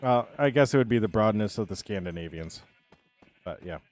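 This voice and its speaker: A man's voice: on the low side, animated, a little fast, a little mellow, soft background music. A man chatting casually on a live game stream, rambling and answering his viewers' chat as he plays.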